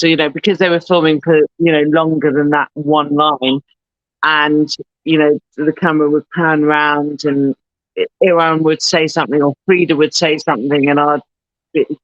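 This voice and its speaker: A woman's voice: low-pitched, dry recording. Woman guest rambling through a story, swears a bit, acts out the quotes, dry slightly muffled mic. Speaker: podcast guest, actor. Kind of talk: casual chat.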